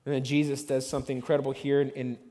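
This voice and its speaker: A man's voice: mid-range voice, little pitch movement, racing, warm tone, long reverb tail. A man preaching a sermon as pastor, telling the story conversationally and acting out the voices of the onlookers.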